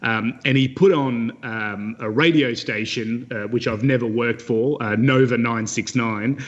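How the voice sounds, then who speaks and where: A man's voice: mid-range voice, measured pace, dull audio. A man, a regular guest from Australia, telling a rambling, self-mocking story in casual chat with many restarts.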